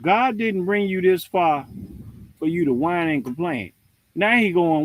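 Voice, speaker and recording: A man's voice: sits high, unhurried, no echo. A man hosting a livestream, giving a casual, preachy rant with jokes. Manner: animated, preachy, joking. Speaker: livestream host.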